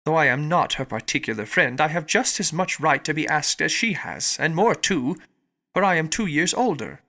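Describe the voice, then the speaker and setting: A man's voice: a little high, lively intonation, normal speed, bright, forceful tone. A male narrator voicing a sulky teenage girl who complains in a whiny tone. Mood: peevish.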